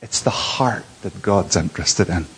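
A male preacher with a somewhat husky voice delivers a sermon from a church platform. He speaks earnestly, repeats his phrases, and swings between quiet asides and raised, emphatic lines. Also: low voice, normal speed, big-room sound.

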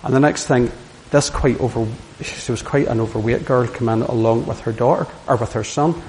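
A man's voice: mid-range voice, fairly even intonation, fairly quick, darkish tone. A middle-aged man giving an earnest, anecdotal sermon. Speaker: preacher. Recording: hissy hall with long reverb.

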